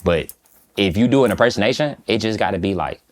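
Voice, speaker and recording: Guy from detroit, really low voice, slow and calm, kinda monotone, chill. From Detroit, USA. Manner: relaxed, laughs easily. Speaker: guest, food critic. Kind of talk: casual interview chat.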